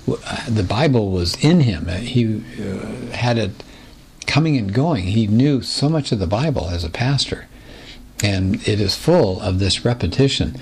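Low-voiced man teaching a Bible lesson. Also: animated, a little hiss or hum. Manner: explanatory, asks rhetorical questions, reads scripture slowly.

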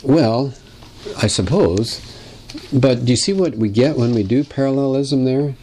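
A man's voice: mid-range voice, expressive, a little slow, warm tone. A man teaching a lesson on biblical poetry, asking wry rhetorical questions in a conversational way. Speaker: Bible teacher.

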